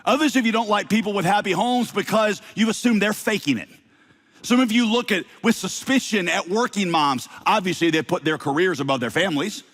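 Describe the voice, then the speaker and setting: Southern-tinged pastor preaching with playful asides. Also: male voice, high-pitched, brisk, a bit bright. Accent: slight Southern US. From Southern United States. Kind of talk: sermon.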